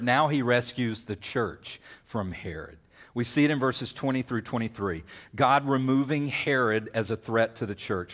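A man preaching a sermon, telling a Bible story with lively acted-out voices. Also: mid-range voice. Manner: animated storytelling with acted-out voices and whisper-yelling. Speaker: pastor.

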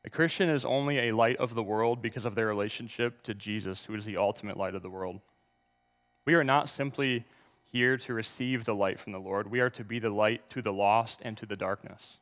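Low-voiced male pastor preaching. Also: a little fast, a bit bright, in a large hall. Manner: reads scripture aloud, asks congregation to turn to verses. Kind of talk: sermon.

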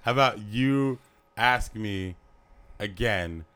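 A man co-hosting a casual comedy podcast, joking and swearing, with a slightly rough voice. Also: on the low side, slow, sharp tone. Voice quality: voice a bit rough. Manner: joking, profane, laughs often. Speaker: podcast co-host.

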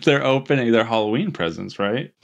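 A man's voice: medium pitch, lively intonation, brisk, creaky, muffled recording. A man on a podcast casually recapping a movie, rambling and joking and acting out the characters' lines. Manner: rambling and jokey, with frequent restarts and playful quoted voices.

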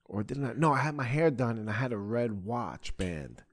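A young man, a comedian and podcast host, telling a profane, animated story in casual chat. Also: medium pitch, moderate pace, no room sound, studio quality. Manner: profane, animated storytelling with frequent "bro" and "right?".

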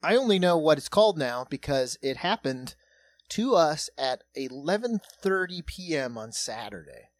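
A man in his thirties hosting a comedy podcast, telling a story casually with lots of swearing. He drops to a hush and then gets loud as it builds. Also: fairly high pitch, moderate pace, no echo. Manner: profane, animated, swings between hushed and loud.

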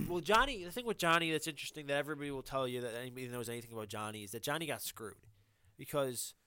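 Bright, clear-voiced man chatting sports. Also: medium pitch, rapid-fire, dry recording. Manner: animated, quotes people in voices, many fillers. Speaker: podcast co-host. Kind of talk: casual sports chat.

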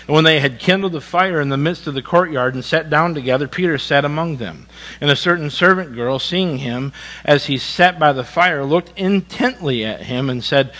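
A male pastor preaching a sermon, reading scripture dramatically, with folksy conversational asides and sudden quiet emphasis. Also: a little high, normal speed, rough recording.

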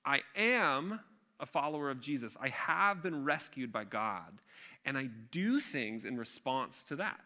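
A man's voice: medium pitch, expressive, unhurried, bright, forceful tone. A man preaching a sermon in a conversational, emphatic way, with chatty asides to the congregation. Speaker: pastor.

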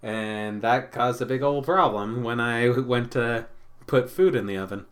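A man's voice: mid-range voice, a little slow, a bit bright. Laid-back man chatting on a podcast. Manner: laid-back, rambling, laughs a lot. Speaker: podcast co-host. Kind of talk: casual chat.

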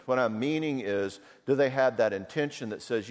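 A man's voice: medium pitch, a little fast, hardly any pauses. A man, a marriage counselor, giving a conversational seminar talk full of personal stories and self-mocking humor. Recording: long hall reverb.

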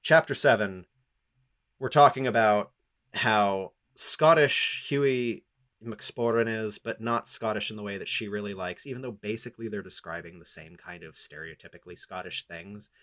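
A man's voice: lowish voice, moderate pace, fairly bright tone. A man co-hosting a podcast, recapping a novel in a sarcastic, rambling, profane way. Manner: sarcastic, rambling, with many fillers. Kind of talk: casual, profane book-recap chat.

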